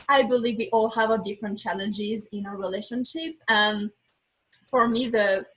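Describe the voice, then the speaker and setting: On a low-quality recording, a woman with a husky, mid-range voice guests on a podcast. She tells an open personal story in lively fashion, performing her own words, and makes small slips in English, which isn't her first language.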